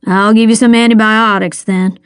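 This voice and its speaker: A woman's voice: on the high side, steady tone, normal speed, clear, resonant tone, no echo, studio quality, lightly acted. Woman doing a blunt old country doctor.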